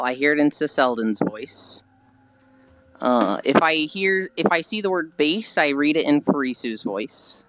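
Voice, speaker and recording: A woman's voice: low-pitched, lively intonation, moderate pace, a bit bright, clean tone, muffled recording. A woman streamer chatting casually and rambling with frequent giggles while she walks. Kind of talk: casual chat while walking.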